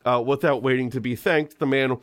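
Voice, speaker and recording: A man's voice: mid-range voice, fairly even intonation, a little fast, no room sound. A man hosting a casual comedy podcast, reading a ghost story aloud and breaking off for joking asides.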